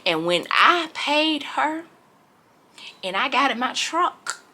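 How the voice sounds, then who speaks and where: Animated woman vlogger, bright voice. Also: high-pitched, slow, slight background noise. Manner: animated and dramatic, addresses viewers as y'all. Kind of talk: casual storytime chat.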